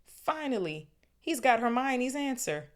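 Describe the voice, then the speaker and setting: A woman reading the lines of an excitable young teenage boy in her own voice, pitch lifted a little. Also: unhurried. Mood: eager.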